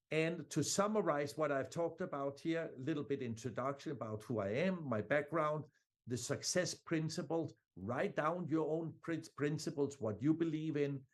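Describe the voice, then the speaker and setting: Man giving an energetic sales training talk. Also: fairly high pitch. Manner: energetic, calm emphatic pauses, addresses viewers directly. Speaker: conference speaker.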